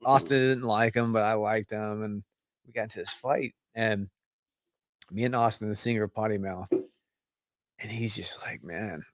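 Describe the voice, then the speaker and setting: A man's voice: fairly low pitch, fairly even intonation, moderate pace, no room sound, studio quality. A man in casual chat, drunk and rambling, swearing heavily as he tells stories. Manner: rambling, heavy swearing, tipsy storytelling. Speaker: guest.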